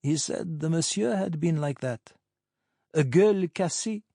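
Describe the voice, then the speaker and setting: Narrator doing a chatty older doctor, higher pitched, gravelly, rambling on. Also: male voice, animated, measured pace, dark tone, no room sound, studio quality, full character voice. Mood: reminiscing. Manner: chatty, reminiscing.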